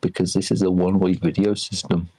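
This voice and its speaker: A man voicing a befuddled male alien calling in from a far planet, with a hesitant, deadpan, oddly literal way of talking. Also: low voice, a little fast, a crowd in the background, natural voice. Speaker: caller.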